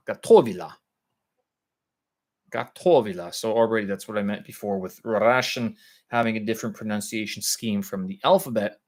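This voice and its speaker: A man's voice: on the low side, fairly even intonation, brisk. A middle-aged English-speaking man hosting a casual live language-practice stream, thinking aloud with many fillers and restarts as he tries Russian words. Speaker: vlog host practicing Russian.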